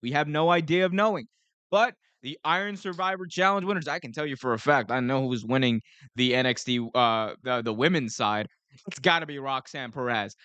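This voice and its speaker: A young adult man hosting a live stream, talking in an energetic, rambling way and often correcting himself. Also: mid-range voice, fairly quick, smooth, no room sound, dull audio. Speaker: host.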